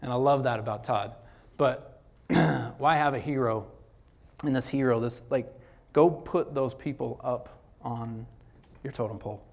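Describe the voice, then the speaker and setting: A man giving a casual motivational lecture to students as a guest executive speaker, animated and slangy, full of "like" and "dude.". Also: mid-range voice, measured pace, long pauses.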